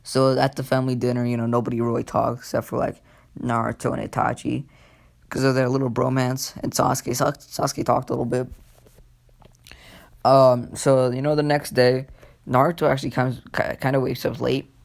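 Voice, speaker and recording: A man casually retelling an anime what-if story, rambling and halting with many fillers. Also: mid-range voice, level tone, vocal fry. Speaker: YouTube storyteller.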